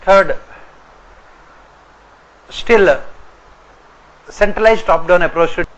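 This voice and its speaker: A man's voice: sits high, muffled recording. Indian man dictating points in a class. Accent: Indian English. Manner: repeats each point slowly for note-taking. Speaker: exam coaching teacher.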